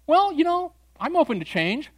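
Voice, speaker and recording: A man's voice: very high voice, sing-song, moderate pace, voice pushed up. A man voicing a laid-back atheist in his late thirties, talking in a casual, easygoing way. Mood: curious. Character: laid-back middle-aged male atheist in a laundromat.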